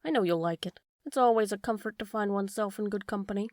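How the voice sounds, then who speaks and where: Storybook villain: a greedy green fisherman, menacing and slow, read by a woman. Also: medium pitch, darkish tone, no echo, studio quality, close to an everyday voice. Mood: gloating.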